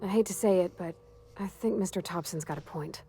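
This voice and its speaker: An actress voicing a shy, earnest young woman engineer in a video game, speaking softly and hesitantly. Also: fairly low pitch, brisk, close to an everyday voice. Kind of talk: game voice acting.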